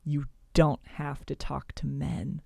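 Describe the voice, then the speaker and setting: A woman chatting as a podcast guest, talking freely with lots of "like" and quick asides. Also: deep voice, little pitch movement, vocal fry, dark tone, breathy edge, dry recording, studio quality. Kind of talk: casual podcast chat.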